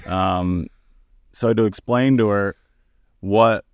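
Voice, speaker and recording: A man with a low, smooth and resonant voice tells stories on a podcast as a comedian guest. He is candid and foul-mouthed and acts out the people in his anecdotes. The sound is dry and close. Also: fairly even intonation, slow, no room sound. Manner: candid, profane, acting out quoted people. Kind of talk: casual podcast storytelling.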